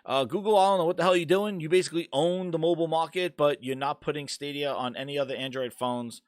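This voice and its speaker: A man hosting a casual gaming podcast, ranting loudly and swearing as he talks through the news. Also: fairly high pitch, quick pace, dry recording, studio quality. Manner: ranting, profane, animated. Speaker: podcast host.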